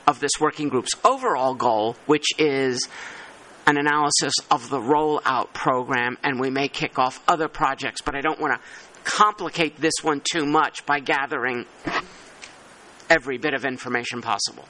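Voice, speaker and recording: A man chairing a working group meeting, talking in halting, thinking-aloud phrases with many restarts. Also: medium pitch, sharp tone, low-quality recording. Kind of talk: meeting discussion.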